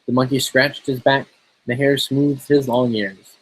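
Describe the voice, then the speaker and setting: A man casually reading a fairy tale aloud in a relaxed, steady way. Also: mid-range voice, unhurried, slight background noise, low-quality recording. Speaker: storyteller.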